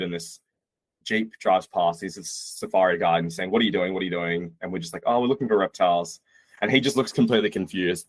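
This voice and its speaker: A young man from Australia tells a wild travel story with a low, husky voice. He talks casually and animatedly, slipping into the voices of the people he quotes. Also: no echo. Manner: animated, acts out quotes, swears. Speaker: podcast guest.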